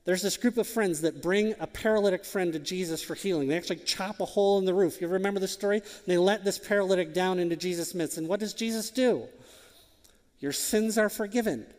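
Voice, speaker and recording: A man's voice: high-pitched, fast talker, few pauses, a little mellow, big-room sound. A man preaching a sermon as a pastor, emphatic and full of rhetorical questions.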